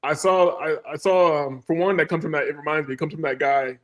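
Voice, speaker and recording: A man's voice: on the high side, steady tone, brisk. A man hosting a casual podcast, talking in a loose, slangy way full of fillers. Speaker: podcast host. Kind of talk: casual chat.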